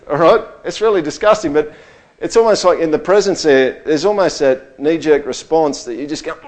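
A man preaching a sermon in a conversational way, often checking in with his listeners and swinging between quiet, low stretches and loud, high bursts. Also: animated, moderate pace. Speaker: pastor.

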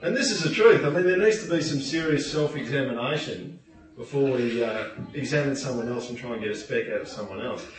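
A man preaching a sermon in a church, animated and playful, acting out quotes in put-on voices. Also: medium pitch, a little fast. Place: church hall. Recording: echoey hall, distant mic.

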